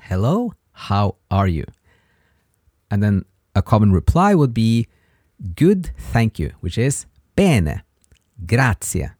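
A man hosting a podcast and teaching a language lesson, patiently repeating short phrases slowly for listeners to practice. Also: on the low side, a little mellow, no room sound, clean studio sound. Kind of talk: slow spoken language lesson.

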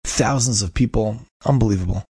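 A man's voice: fairly low pitch, fairly quick, mellow, breathy edge, dry recording. A man telling an inspirational story, emphatic and repeating key phrases for effect. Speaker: inspirational speaker.

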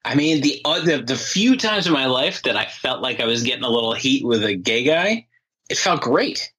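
A man's voice: mid-range voice, sing-song, normal speed, pushed and bright, slightly rough, low-quality recording. A man co-hosting a comedy podcast, chatting and joking along with his partner. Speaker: podcast co-host. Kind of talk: casual comedy podcast banter.

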